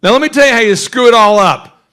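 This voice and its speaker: Animated high-voiced male workshop host. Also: quick pace. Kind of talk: energetic business workshop talk.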